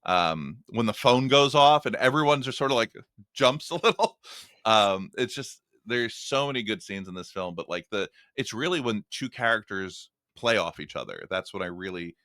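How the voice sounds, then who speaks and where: A thoughtful man talks about film as a podcast guest, his voice low and recorded dry and close. He pauses, restarts his sentences and circles back to find his point. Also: expressive, bright, forceful tone, no room sound. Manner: thoughtful, halting, many restarts. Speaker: podcast guest, writer and critic. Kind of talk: casual film discussion.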